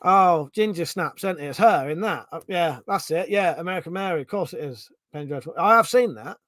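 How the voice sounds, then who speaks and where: Streamer, Home Counties English man, casual and profane, slightly raised pitch, dry close-mic room. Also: animated, a little fast, fairly bright tone, dry recording. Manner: swears freely, reads out chat questions, thinks aloud. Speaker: live-stream host. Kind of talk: casual live-stream chat.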